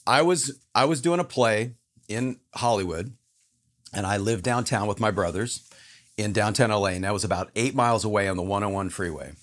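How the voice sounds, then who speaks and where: A man's voice: fairly low pitch, moderate pace, a bit bright. A man telling a personal story as a podcast guest, earnest and emphatic.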